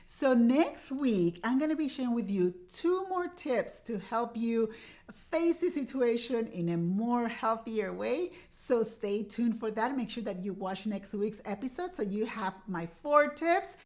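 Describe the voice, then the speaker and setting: A woman's voice: a little high, animated, unhurried, darkish tone. A woman in her forties, mother of teenagers, hosting a parenting advice show in an earnest, coaching way that repeats its key points. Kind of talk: direct-to-camera parenting advice.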